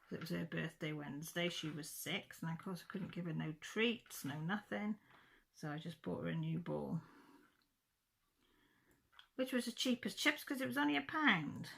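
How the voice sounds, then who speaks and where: A woman's voice: fairly low pitch, lively intonation, normal speed, vocal fry, bright, forceful tone, slightly rough. A middle-aged woman telling a rambling, chatty story about her pets in a casual vlog. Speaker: craft vlogger. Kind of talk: casual chat.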